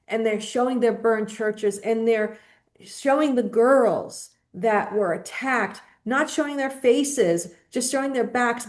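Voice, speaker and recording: A woman's voice: medium pitch, a little mellow. A woman co-hosting a podcast from home in casual chat, emphatic and sarcastic, piling up lists of words. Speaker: podcast co-host.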